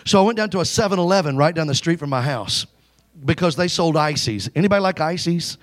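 Emphatic preacher, fairly high male voice. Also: fairly quick. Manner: exhorting the congregation to call back; emphatic, animated storytelling. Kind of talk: storytelling sermon.

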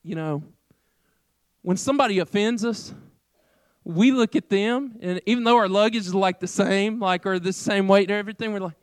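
A high-voiced middle-aged man preaches a sermon in a loose, chatty way, full of fillers. He swings between loud, emphatic bursts and quiet asides. The sound is dry and close. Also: moderate pace, clear, resonant tone, no echo. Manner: casual, conversational preaching with filler "like". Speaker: pastor.

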